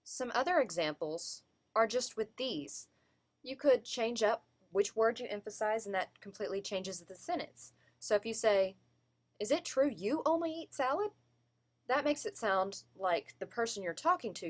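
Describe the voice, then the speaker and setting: A woman's voice: medium pitch, lively intonation, moderate pace. A woman giving a class presentation on vocal delivery, explaining and demonstrating word emphasis. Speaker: student presenter.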